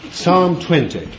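A male preacher delivers a sermon slowly and deliberately, stretching out words and lingering on them. His voice is highly animated, dropping to quiet musing and rising to loud cries. The recording is dull and lo-fi, with a faint ambient hiss behind him. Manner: slow and deliberate, drawing out words.

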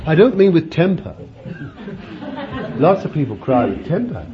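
A man's voice: on the high side, big pitch swings, a little slow. An older man preaching a sermon, emphatic and chuckling often, repeating his phrases. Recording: dull lo-fi recording with faint background noise.

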